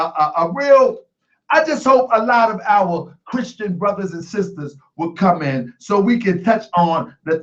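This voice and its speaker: A man hosting a call-in livestream show, talking emphatically with much repetition, sometimes shouting and laughing. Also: high voice, highs cut off. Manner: joking, laughs often.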